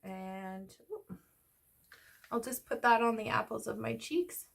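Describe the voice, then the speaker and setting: Heavy noise surrounds this beauty vlogger, whose fairly high voice has a creaky quality and a normal speed. She rambles casually while doing her makeup in a get-ready-with-me chat, slightly out of breath.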